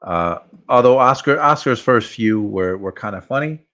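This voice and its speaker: A man hosting a boxing talk show, speaking in a relaxed, rambling way. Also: mid-range voice, moderate pace. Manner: relaxed, rambling, chuckles often. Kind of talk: casual boxing chat.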